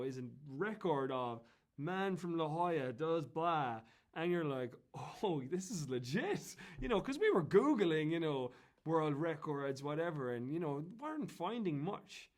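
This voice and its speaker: An Irish man telling anecdotes as an interview guest, in a chatty, animated way that often breaks into laughter. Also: on the high side. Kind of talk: casual storytelling.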